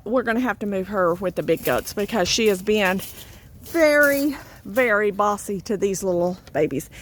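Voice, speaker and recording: A woman's voice: fairly high pitch, fairly bright tone. An older woman, out of breath, chatting casually to the camera from a goat pen while coaxing her goats. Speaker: goat farmer. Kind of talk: casual farm vlog. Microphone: handheld camera on a stand.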